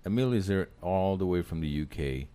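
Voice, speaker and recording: Co-host: man, very deep voice, relaxed, reads out viewer questions. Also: moderate pace, clean tone. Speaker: podcast co-host. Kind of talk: casual podcast chat.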